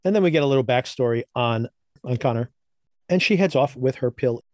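A man's voice: medium pitch, expressive, fairly quick, a little mellow, no echo. Man recapping a TV show, dry sound. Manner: loose, chatty recapping with frequent laughs and fillers. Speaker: podcast co-host. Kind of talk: casual TV recap chat.

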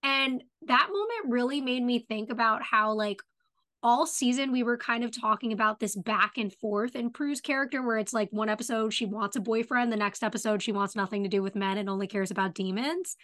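A woman's voice: fairly high pitch, a little fast, a bit bright. A young adult woman co-hosting a podcast, chatting loosely about a TV episode and quoting the characters as she retells the scenes. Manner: chatty, quotes characters with "she's like", many "like" fillers. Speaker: podcast co-host. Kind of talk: casual chat recapping a TV episode.

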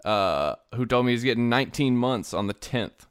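A man co-hosting a podcast in loose, animated chat, laughing often and mimicking voices. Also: medium pitch, moderate pace, smooth, no room sound, clean studio sound. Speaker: podcast co-host. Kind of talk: casual chat.

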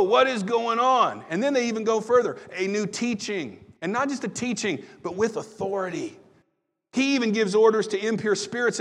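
A male pastor delivers a sermon with a slightly raised pitch, retelling a story with lively, dramatic swings in volume. His voice rings out through a large hall with a long reverb tail. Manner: animated storytelling, swings from loud to hushed.

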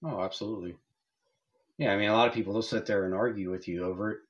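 A man with a low voice co-hosts a paranormal podcast. He keeps a laid-back tone and mostly chimes in with short agreeing replies. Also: steady tone, quick pace, highs cut off. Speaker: podcast co-host. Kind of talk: casual chat.

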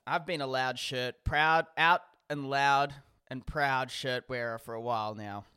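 A man's voice: medium pitch, fairly even intonation, unhurried, bright, forceful tone, clear, resonant tone. A man with an Australian accent, co-hosting a casual podcast chat, teasing and laughing often. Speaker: podcast co-host.

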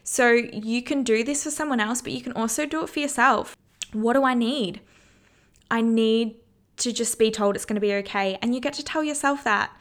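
A woman's voice: on the high side, moderate pace. A woman hosting a self-help podcast, talking earnestly in a casual coaching tone and swearing freely. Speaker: podcast host.

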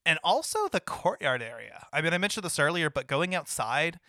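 Bright, rambling man chatting about games. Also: fairly high pitch, very animated, brisk, dry recording, studio quality. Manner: rambling with many restarts and laughs. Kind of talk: casual gaming chat.

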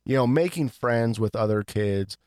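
A man's voice: medium pitch, lively intonation, normal speed, a little mellow, smooth, no room sound, studio quality. A man co-hosting a podcast in loose, rambling casual chat, swearing freely. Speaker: podcast co-host.

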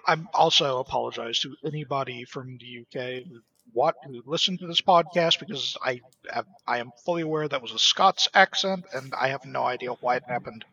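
A man chatting casually on a tabletop game podcast, relaxed and halting, with some swearing. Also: mid-range voice, breathy edge. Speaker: podcast co-host, player. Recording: dull lo-fi recording.

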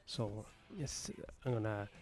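A stand-up comedian, rambling crudely and jokingly in a casual vlog, recorded outdoors on a patio. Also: male voice, fairly low pitch, steady tone, takes it slowly, darkish tone, soft background music.

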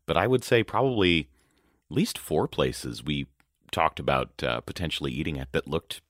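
A man's voice: extremely low pitch, lively intonation, moderate pace, a bit bright, no room sound. A man co-hosting a food podcast, speaking in a dry, wordy, mock-formal way. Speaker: podcast co-host. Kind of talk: casual chat.

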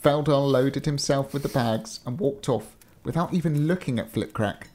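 A man's voice: medium pitch, moderate pace, a little mellow. A man reading a story aloud in an easygoing manner, chatting between passages. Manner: easygoing, laughs often. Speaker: storyteller and co-host.

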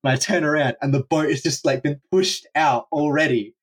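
A young man guest on a podcast, telling an adventure story in an animated, profane way and acting out his own panicked reactions. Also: a little high, normal speed, breathy edge. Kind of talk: storytelling in a casual interview.

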